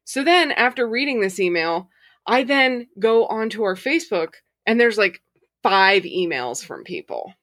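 A woman hosts a podcast, casually reading listener stories aloud while swearing freely and laughing often. Her mid-range voice is expressive and fairly bright, at a measured pace, with clean studio sound and no echo.

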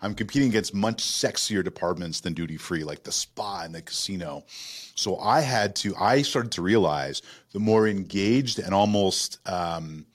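A man's voice: low voice, moderate pace. A man hosting a casual podcast conversation, telling stories in an enthusiastic way.

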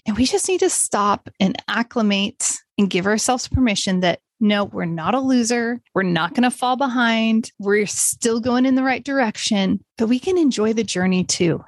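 A woman's voice: on the high side, no room sound. A middle-aged woman hosting a solo podcast, chatty and encouraging, sometimes laughing at herself. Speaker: podcast host. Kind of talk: casual solo podcast talk.

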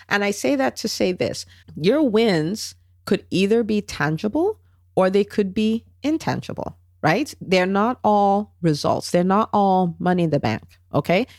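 A woman hosting a solo podcast, coaching in an animated, chatty way and checking in with "right?" and "okay?". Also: mid-range voice, measured pace, no room sound, clean studio sound. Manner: animated, acts out quoted voices, tag questions. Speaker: podcast host, business coach.

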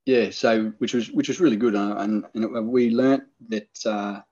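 An Australian man tells his story in a relaxed, rambling way, full of fillers and restarts. His voice sits low and a touch husky. The recording is dull and lo-fi. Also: normal speed. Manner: rambling, laid-back, many fillers and restarts. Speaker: podcast guest, hunter. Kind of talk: casual storytelling.

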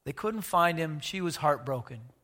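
A man preaching a sermon, animated, asking the congregation questions and moving between loud and hushed delivery. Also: a little high, moderate pace, long reverb tail. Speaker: pastor.

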